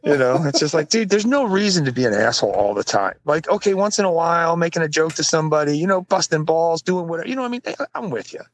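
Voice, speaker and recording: A man co-hosting a casual podcast, telling stories with swearing and voicing other people in loud, high bursts. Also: quick pace, few pauses, no room sound. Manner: swearing, animated, jumps high when quoting people. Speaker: podcast co-host. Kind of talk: casual chat, storytelling.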